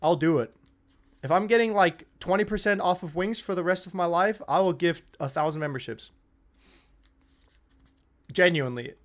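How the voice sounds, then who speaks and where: A man's voice: sits high, normal speed, pauses often. A young man hosting a live football watch-along stream, chatting casually, swearing freely and getting worked up over the play. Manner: excitable, swears freely, shouts and laughs at goals.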